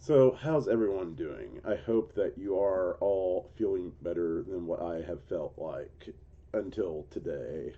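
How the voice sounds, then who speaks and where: A man's voice: deep voice, measured pace. A male gaming streamer in a casual, chatty live commentary, congested and coughing from a cold. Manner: relaxed, chatty, self-mocking jokes. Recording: dull lo-fi stream audio with game music. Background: game music.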